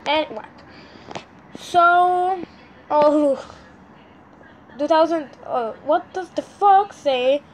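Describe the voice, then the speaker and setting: A woman's voice: sits high, very slow, long pauses, slight background noise, rough recording. A sleepy woman vlogger rambling through casual commentary, easily frustrated and talking straight to her viewers. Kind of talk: casual screen-recording commentary.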